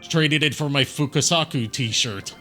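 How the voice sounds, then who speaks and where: A man's voice: mid-range voice, measured pace, sharp tone, soft background music. A man voicing a young male video game hero in a fan dub, asking casual, curious questions.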